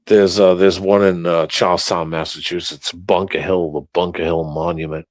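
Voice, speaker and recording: A man chatting casually in a halting, hesitant way. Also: low voice, level tone. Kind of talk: casual chat.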